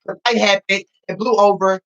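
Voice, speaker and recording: A reality TV cast member reviews his own show in casual podcast talk, sassy and dramatic, repeating phrases for emphasis. His voice sits high and fairly bright, steady in tone at a moderate pace, on a muffled recording.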